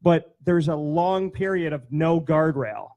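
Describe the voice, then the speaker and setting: A man's voice: on the high side, measured pace. A man hosting an interview show, chatting casually and telling long, rambling stories. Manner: chatty, animated storyteller, rambling. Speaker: show host.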